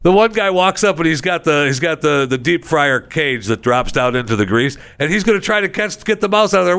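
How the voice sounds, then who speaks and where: A man's voice: expressive, a little fast, few pauses, fairly bright tone. A man hosting a podcast in a studio, rambling sarcastically in a casual comedic monologue. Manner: rambling, sarcastic, acts out people in high voices. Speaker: podcast host. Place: recording studio.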